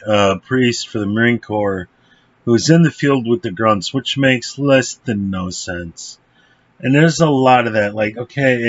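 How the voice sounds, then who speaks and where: A man's voice: on the low side, lo-fi sound. A man giving a casual, rambling film review, blunt and profane, with lots of fillers.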